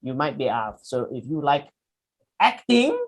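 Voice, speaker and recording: Lively man teaching. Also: mid-range voice, low-quality recording. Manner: lively, acts out quick examples, asks the audience questions. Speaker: public speaking workshop instructor. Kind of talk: lecture presentation with slides.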